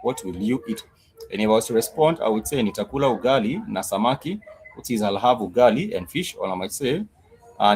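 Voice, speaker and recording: A man teaching a live-streamed language lesson, patient and repetitive, with many pauses and "uh" fillers. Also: lowish voice, a little mellow, slight background noise, rough recording. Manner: patient, repetitive, says "uh" often. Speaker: Swahili teacher.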